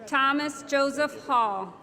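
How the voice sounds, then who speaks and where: A woman reading out graduates' names one by one at a commencement, slow and measured, over a podium microphone. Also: high-pitched, slight background noise. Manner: slow, measured name-by-name announcing. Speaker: commencement name reader. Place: large ceremony hall. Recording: echoey hall with loud crowd ambience.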